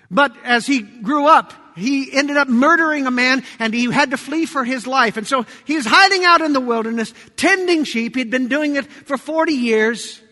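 A man preaching a sermon to his congregation, dramatic, swinging between loud cries and hushed tones. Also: extremely high pitch. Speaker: pastor. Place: church sanctuary. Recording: long church hall reverb.

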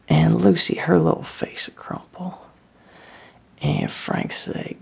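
A woman telling a first-person dramatic monologue in dialect. She often drops into breathy whispers. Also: sits low, fairly even intonation, slow pace, darkish tone. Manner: drawling dialect storytelling, slipping into breathy whispers. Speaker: storyteller.

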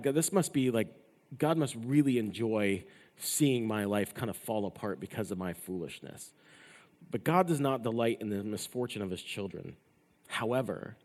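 Man preaching in an echoing hall. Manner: swings from loud emphatic passages to hushed low phrase endings. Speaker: pastor. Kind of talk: sermon. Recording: long reverb of a large hall.

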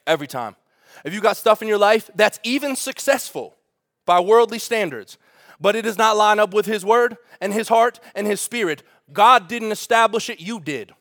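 A man with a high, light voice delivers a sermon. He preaches in an animated, conversational way, tossing rhetorical questions to the congregation. The sound is close and dry. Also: moderate pace, dry recording. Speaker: pastor.

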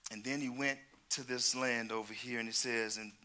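A male preacher delivering a sermon, calling out to the congregation and swinging between loud exclamations and hushed asides. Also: mid-range voice, fairly even intonation, moderate pace. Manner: calls out to the congregation.

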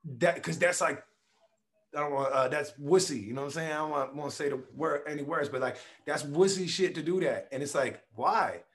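Man, podcast guest, casual and profane, slightly higher voice. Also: a little fast. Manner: blunt, profane, animated storytelling with acted quotes. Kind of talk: casual conversation.

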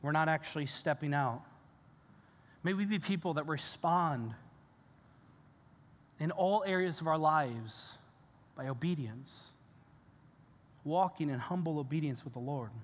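A male pastor preaching a sermon, earnest and animated, with casual fillers and restarts. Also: on the high side, a little slow, pauses often. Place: church sanctuary. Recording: church hall reverb.

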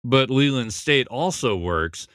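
A man's voice: mid-range voice, expressive, slow pace, fairly bright tone, smooth, no room sound, studio quality. A man hosting a podcast, casually recapping and analyzing a TV episode in a thoughtful, conversational way, thinking aloud as he goes. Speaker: podcast host.

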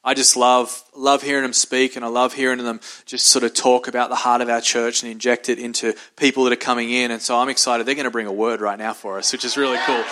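A man's voice: medium pitch, little pitch movement, fast, few pauses, sharp tone. A man acting as pastor, giving upbeat, effusive announcements at a church service. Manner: upbeat and effusive, hyping the congregation. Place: church service in a large room.

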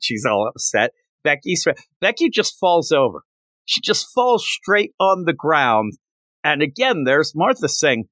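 A man's voice: fairly high pitch, big pitch swings, unhurried, sharp tone, no room sound. A man hosting a podcast, giving an enthusiastic, rambling casual recap of a comic chapter. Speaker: podcast host.

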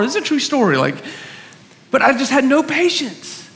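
A man with a high, light voice preaches an earnest sermon from the front of a church. His words ring out with a long reverb trailing behind them. He slips easily into self-mocking stories. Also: sing-song, brisk, bright, forceful tone. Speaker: pastor. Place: church hall.

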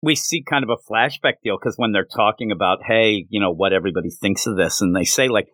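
A man hosting a podcast, retelling and discussing a manga chapter in a casual, animated way. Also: fairly low pitch, no room sound. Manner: animated retelling, quick to act out characters. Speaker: podcast host.

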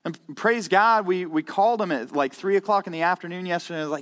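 A middle-aged man preaching a sermon, earnest, repeating words as he starts each thought and growing louder when he stresses a point. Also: high-pitched, big pitch swings, fairly quick, few pauses. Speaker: pastor. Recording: long reverb of a hall.

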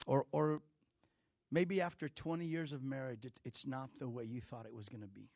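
A middle-aged man preaching a sermon as pastor, conversational and animated, with frequent restarts and playful asides. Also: mid-range voice, no room sound.

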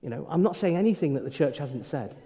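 Man, priest, informal sermon, stammered restarts, lively pitch, long hall reverb. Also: fast talker. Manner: conversational, frequent stammered restarts.

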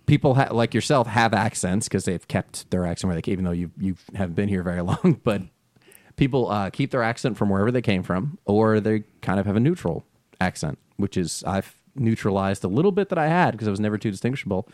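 A man's voice: on the low side, fairly quick, dry recording. A man from New Jersey with a New Jersey accent, hosting a podcast in casual chat and laughing often. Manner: laughs often, animated storyteller. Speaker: podcast host.

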